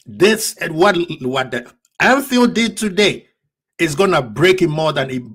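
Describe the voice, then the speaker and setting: A man's voice: fairly high pitch, expressive, measured pace, fairly bright tone, husky. A man hosting a fan reaction stream, passionate and preachy, ranting at rival fans. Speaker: fan channel host.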